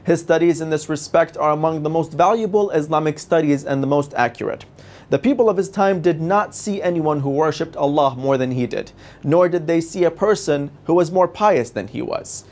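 A man presenting a religious television series, giving a formal, measured and reverent scripted lecture. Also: a little high, darkish tone.

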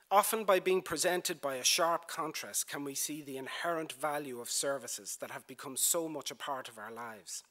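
A man delivers a formal prepared speech at a lecture podium. His voice is bright and forward, set a little higher than most men's. He moves at a measured pace through rhetorical lists, repeating key phrases for emphasis. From Ireland. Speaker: broadcasting executive giving a lecture. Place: university lecture theatre.

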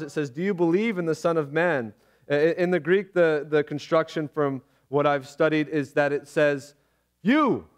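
A man preaching a sermon as pastor in a church, talking in a casual, animated way with laughs and restarts. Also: a little high. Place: church sanctuary.

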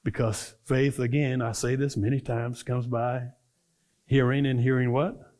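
A male minister preaching to a church congregation in a conversational style, quizzing his listeners with call-and-response questions and building from relaxed storytelling to fervent preaching. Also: medium pitch, measured pace. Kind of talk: conversational sermon. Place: church service before a congregation.

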